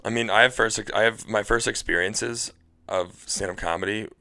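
A young man talks through a casual podcast chat, his lowish voice bright and forceful. He rambles, restarts and fills his talk with "like". He sounds like a stand-up comic swapping stories. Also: fairly even intonation, normal speed. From Cleveland, Ohio. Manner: rambling, full of "like" and restarts, laughing. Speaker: comedian guest.

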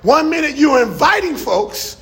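Man, middle-aged pastor, gravelly fry, sermon, shouting emphasis, call-and-response. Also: extremely high pitch, big pitch swings, a little slow. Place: church.

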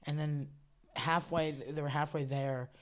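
Relaxed young man rambling in casual chat. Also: fairly high pitch, a little slow. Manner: rambling, relaxed storytelling with fillers.

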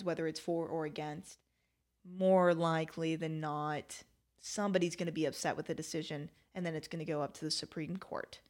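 A woman's voice: low-pitched, a little mellow. A woman hosting her own podcast, giving chatty, opinionated political commentary with frequent laughs. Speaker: podcast host.

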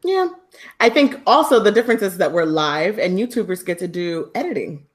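A woman co-hosting a podcast live, chatting in an upbeat, excitable way and laughing easily. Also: medium pitch, fairly quick. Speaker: podcast co-host. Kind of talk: casual live-stream chat.

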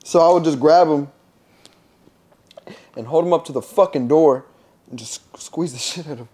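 A young man co-hosting a casual podcast, spinning animated stories. His voice sits a bit high, and he laughs often and swears freely as he talks. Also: moderate pace. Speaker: podcast co-host. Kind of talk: casual chat.

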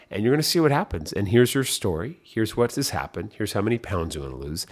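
A man's voice: lowish voice, sing-song, fairly quick, hardly any pauses. A man hosting a podcast, giving an upbeat motivational coaching talk and repeating his key phrases. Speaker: podcast host.

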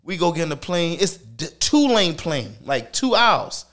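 A man telling stories in casual chat, profane and animated. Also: a little high, moderate pace. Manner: animated, profane street slang, acts out quotes.

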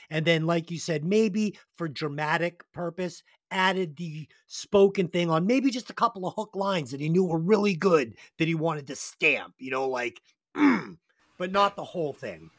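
A man hosting a music podcast, telling stories in a joking, profane, animated way. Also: on the high side, dry recording, studio quality. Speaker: podcast host. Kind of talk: casual podcast chat.

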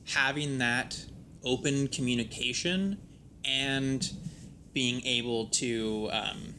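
A man, the host's partner and guest, chatting casually and mostly agreeing in short, laid-back replies. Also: takes it slowly. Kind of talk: casual conversation. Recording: noisy recording with low rumble.

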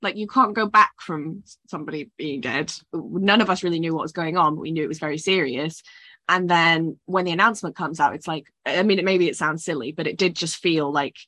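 Low-voiced woman chatting reflectively. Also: a little fast, pushed and bright, no echo. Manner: reflective, thinking aloud with fillers. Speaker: podcast co-host. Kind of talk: casual chat.

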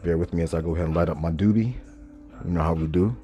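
A man hosting a casual monologue podcast, stoned, talking slowly and loosely with many pauses and self-corrections. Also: deep voice, mellow, lo-fi sound. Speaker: podcast host. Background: faint background music.

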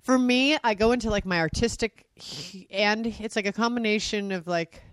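A woman's voice: medium pitch, moderate pace, no echo. A woman co-hosting a podcast in casual chat, telling stories in an emotional, rambling way. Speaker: podcast co-host.

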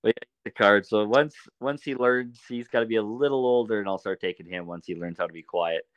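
Low-voiced man telling lively hunting stories. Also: a little fast, smooth, dry recording, dull audio. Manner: animated anecdotes, laughs often. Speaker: podcast guest. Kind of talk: casual storytelling.

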